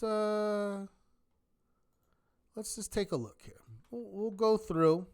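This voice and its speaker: A man teaching a live online trading class in a lively manner, often asking rhetorical questions. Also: fairly high pitch, clear, resonant tone. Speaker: trading instructor.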